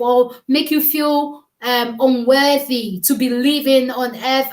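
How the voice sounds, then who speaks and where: A woman co-hosting a casual chat, talking earnestly and emphatically, often repeating her words. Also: high-pitched. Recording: echoey room.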